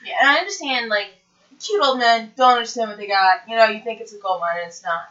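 A woman with a bright, high voice joins a casual chat and chimes in with quick remarks. Her sound is a little dull and lo-fi. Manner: chiming in with short remarks. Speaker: podcast co-host.

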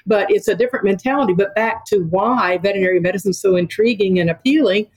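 A woman's voice: medium pitch, fast, darkish tone, rough recording. An older woman, a podcast guest, talking in an enthusiastic and emphatic way. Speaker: veterinary dean, podcast guest. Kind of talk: conversational interview.

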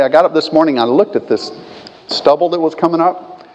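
A man preaching a sermon as pastor, swinging between quiet conversational asides and loud, emphatic peaks. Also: fairly high pitch, expressive, fairly quick, lo-fi sound. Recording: long hall reverb.

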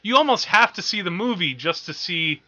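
A man's voice: high voice, animated, normal speed, pushed and bright. A man co-hosting a film podcast, rambling and correcting himself as he goes, often laughing at his own stories, on dull lo-fi audio. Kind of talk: casual chat about films.

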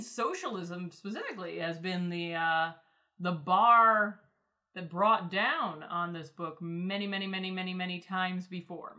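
A woman hosting a podcast in casual chat, rambling and excitable, with lots of fillers. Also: medium pitch. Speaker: podcast host.

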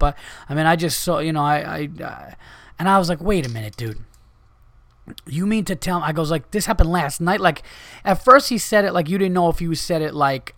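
A man hosting a podcast, telling a story in a loose, animated way, swearing often and acting out what other people said. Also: on the high side, brisk, no echo. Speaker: comedian and podcast host. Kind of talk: casual storytelling monologue.

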